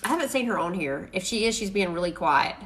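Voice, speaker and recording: Woman, mid pitch, rambling live-stream crafter who laughs a lot, faint noise behind. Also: expressive, quick pace, fairly bright tone. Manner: rambling, chatty, often laughing. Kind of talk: casual live stream chat.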